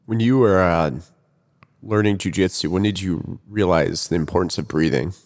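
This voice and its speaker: Host: man, low voice, hesitant and filler-heavy, reverberant off-mic sound. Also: normal speed, a little mellow. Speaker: podcast host. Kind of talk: podcast interview.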